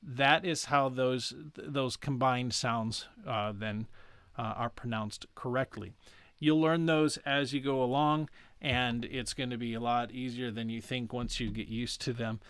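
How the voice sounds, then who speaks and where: A man teaching pronunciation in a relaxed, chatty way, pausing to correct himself and stretching vowel sounds out for his listeners. His voice sits in a middle range and is recorded close, with no room sound around it. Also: medium pitch, clear, resonant tone, no room sound. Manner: chatty, self-correcting, drawing out sounds slowly to demonstrate. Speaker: language teacher. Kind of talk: casual instructional explanation.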